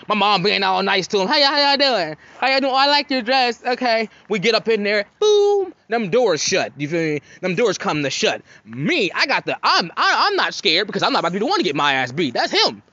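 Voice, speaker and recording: A man in his thirties from Cincinnati, telling profane, animated stories on his podcast and acting out quotes. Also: high-pitched, fast talker, few pauses, no room sound, highs cut off. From Cincinnati, Ohio. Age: 30s. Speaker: podcast host. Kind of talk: casual storytelling monologue.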